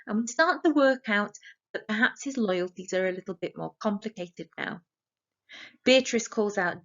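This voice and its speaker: A woman's voice: medium pitch, normal speed. A woman teacher with an English accent, annotating a play for exam revision and reading quoted lines aloud plainly. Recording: slightly dull lo-fi audio.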